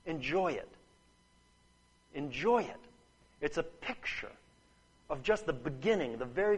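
A man with a high voice delivers a sermon, earnest and emphatic. He presses his points through repeated phrases and keeps checking in with his listeners. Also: lively intonation, a little slow, long pauses, slightly rough, rough recording. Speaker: preacher.

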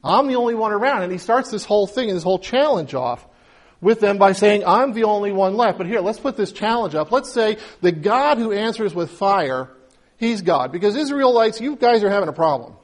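Storytelling male preacher with a high voice. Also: animated, moderate pace. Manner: storytelling, acts out quoted lines; conversational, with asides and laughs. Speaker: pastor. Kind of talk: sermon.

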